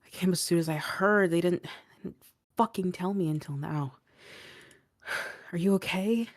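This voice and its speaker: A woman's voice: fairly low pitch, a little slow, no echo, clean studio sound. Woman voicing an anxious, urgent young man. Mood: worried. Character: worried young man rushing to a friend.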